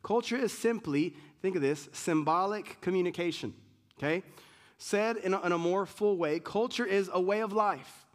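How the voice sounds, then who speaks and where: A man preaching a sermon with a fairly high voice. He speaks conversationally, stumbling and restarting as he goes, and slips into quick impressions of what people say. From United States. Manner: conversational preaching with many restarts and acted-out quotes. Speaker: pastor.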